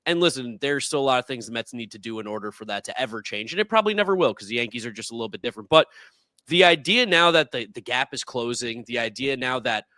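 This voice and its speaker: Guest in his twenties, bright tense voice, dry sound, animated storyteller. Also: mid-range voice, fast, dry recording. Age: 20s. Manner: excited storytelling, emphatic. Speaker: podcast guest. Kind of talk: casual interview answers.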